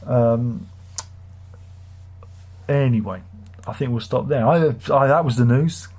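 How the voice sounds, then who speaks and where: A man hosts a casual live stream, reading viewers' comments and grumbling about them in a sardonic, rambling way. His voice is husky and sits in a middle pitch. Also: expressive, measured pace, warm tone. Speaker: livestream host.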